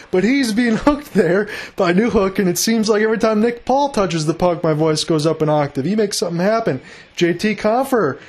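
A man calling live hockey play-by-play, rapid and excited, rising with the action. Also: high voice. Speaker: play-by-play announcer.

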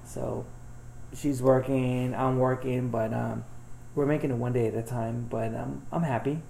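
A man with a gravelly, creaky voice talks at an ordinary middle pitch. He rambles through a personal story in loose, profane casual chat, with lots of filler words. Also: level tone, unhurried, mellow, slight background noise. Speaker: podcast guest.

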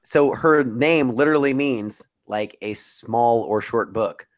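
A man's voice: medium pitch, slow. A young man co-hosting a podcast in casual chat, teasing and mock-serious. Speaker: podcast co-host.

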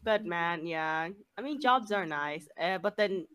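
A young woman chatting casually, telling work stories in an animated way with lots of swearing and "like". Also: on the low side, unhurried, smooth, dry recording. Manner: animated storytelling, frequent swearing and "like". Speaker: cashier. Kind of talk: casual chat.

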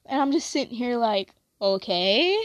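A woman's voice: fairly high pitch, animated, a little slow, no room sound, dull audio. A young woman chatting casually, rambling with lots of "like" and self-corrections.

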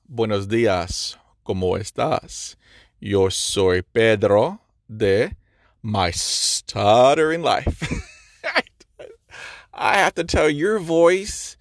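A man who stutters leaves a voice message for a podcast host, speaking slowly and deliberately at a mid pitch. His tone is effusive and full of compliments. The recording sounds dry with no room echo. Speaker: caller.

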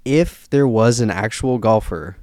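Low-voiced man in easy podcast chat. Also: a little slow, no room sound, studio quality. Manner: relaxed, agreeable, swears casually. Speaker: podcast co-host. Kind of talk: casual chat about a movie.

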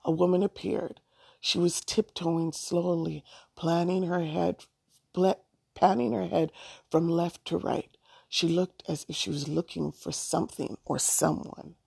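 A woman narrating a storybook aloud in a plain, steady reading voice. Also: low-pitched, gravelly, breathy edge, no echo, studio quality.

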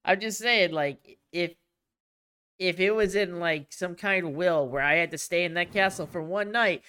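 Male podcast co-host, high, bright and tense, joking banter. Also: normal speed, clean tone. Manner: joking, emphatic, swearing. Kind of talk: casual podcast chat.

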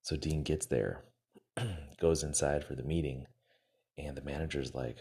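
Very deep-voiced husky man telling a story. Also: steady tone, darkish tone. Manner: retells a story with quick acted-out quotes, many fillers. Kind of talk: casual motivational storytelling.

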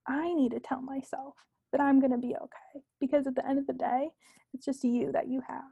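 Husky high-voiced woman, reflective. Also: flat delivery, moderate pace, no room sound, dull audio. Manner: reflective, earnest, with frequent fillers and soft asides. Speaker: podcast guest. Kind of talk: casual podcast chat.

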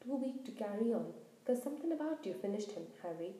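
A woman voicing a big, gruff, kindly male half-giant gamekeeper who talks loudly in a rustic dialect, in a storybook reading. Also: medium pitch, expressive, fast, lightly acted. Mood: confiding. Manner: loud, blustering rural dialect. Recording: roomy echo.

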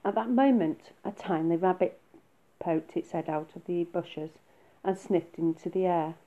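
A woman reading a children's story aloud in a soft, unhurried way. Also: lowish voice. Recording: phone-like narrow sound.

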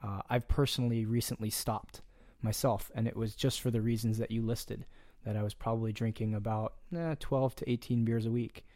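A man's voice: fairly low pitch, level tone, fairly quick, warm tone, no room sound, studio quality. A man speaking as a coach in a casual podcast conversation, earnest and direct, plain-spoken with the odd curse word.

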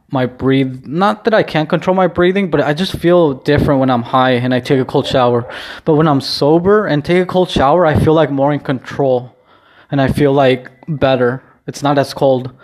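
A man's voice: medium pitch, darkish tone. A man vlogging from home in a casual, rambling chat, full of restarts and easy swearing. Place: at home, indoors.

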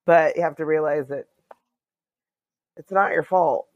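A woman's voice: deep voice, measured pace, no room sound, highs cut off. Conversational woman co-host, dry sound. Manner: conversational, asks questions, backchannels often. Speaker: podcast co-host. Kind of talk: casual chat.

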